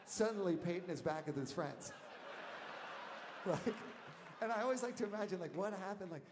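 A man telling a rambling story from the stage of a concert hall, animated and laughing, shouting out the lines he quotes. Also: sits high, normal speed. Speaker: musician telling stories on stage. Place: concert hall, live audience. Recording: audience tape in a reverberant hall, faint noise.

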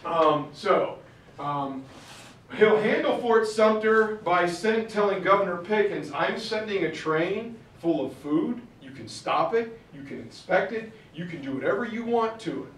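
A man's voice: sits high, animated, unhurried, fairly bright tone, a little hiss or hum. A man giving a storytelling history lecture, acting out the quotes with shifting voices. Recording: roomy far-off mic recording.

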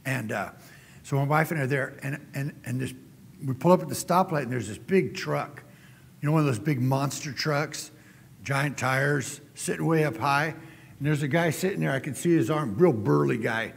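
Middle-aged male guest preacher, folksy storyteller, gravelly husky voice, long church reverb. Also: medium pitch, moderate pace. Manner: folksy storytelling, animated when quoting. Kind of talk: sermon. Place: church sanctuary.

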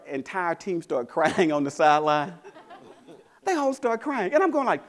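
Man, motivational speaker, high voice, very lively swoops, storytelling. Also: moderate pace. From Mississippi, USA. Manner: animated storytelling, acting out quotes, rallying the crowd. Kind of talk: motivational keynote speech. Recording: convention hall.

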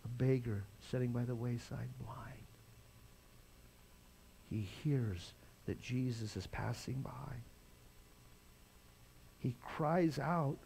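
Older man, pastor, sermon, high-pitched, impassioned, loud-to-quiet swings. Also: takes it slowly, gravelly, long pauses, a little hiss or hum.

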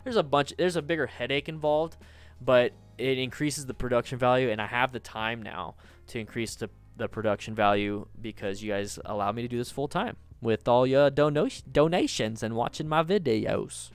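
A man's voice: mid-range voice, steady tone, a little fast, clean tone, soft background music. A man in his thirties chatting casually from home as a livestream host, reading viewer comments, restarting and repeating himself.

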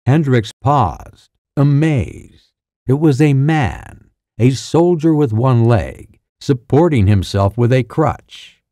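Male audiobook narrator, measured and steady, mellow dark tone, very dry close sound. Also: medium pitch, dry recording. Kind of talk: scripted narration.

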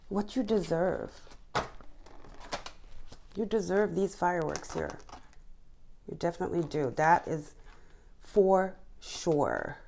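A woman reading tarot cards to her viewers, gushing and excited, often repeating words and letting out sighs and laughs. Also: on the low side, creaky, a little hiss or hum. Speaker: tarot reader. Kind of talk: casual tarot reading to camera.

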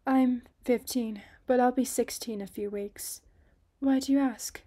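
A woman's voice: a little high, steady tone, measured pace, mellow, pitched above the performer's own voice. A woman doing a shy teenage girl. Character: shy fifteen-year-old girl, sweet and gentle.

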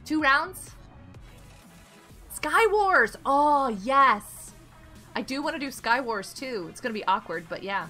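A woman chats on a live stream as she plays a block game, giggling and cheering her friends on. Her voice sits high and leaps around, with a bright, sharp edge. Faint music plays behind her. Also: lively intonation, slow, pauses often. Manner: chatty, giggly, encouraging. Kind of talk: casual live-stream chat.

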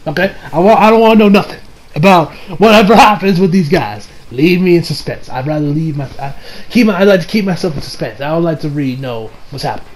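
A man giving a casual anime episode review, excitable and swearing, recapping scenes with mock quotes. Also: on the high side, fast, a little hiss or hum, poor audio.

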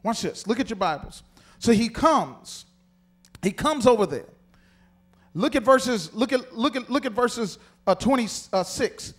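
Male pastor, very high voice, animated sermon, calls out to the congregation. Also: unhurried.

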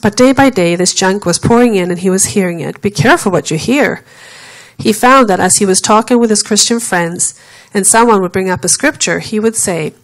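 A woman preacher telling a long story in a sermon at steady pace, acting out the quoted speech of the people in it. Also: medium pitch, fairly quick, rough recording.

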